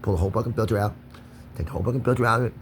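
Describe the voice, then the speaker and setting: A man rants alone to the camera in a fairly low voice, cursing freely and circling back over the same lines. His delivery is erratic and confrontational, and a faint hiss of ambience sits under the recording. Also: racing. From Kentucky. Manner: erratic, profane, confrontational, repeats himself. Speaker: vlogger. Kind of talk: solo profane rant to camera.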